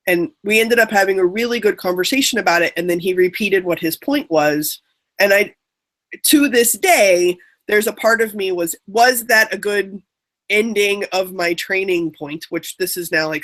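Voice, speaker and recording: A woman's voice: medium pitch, fairly bright tone. Candid woman telling a reflective story. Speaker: trainer sharing a story on a panel. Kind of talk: personal story in a webinar panel.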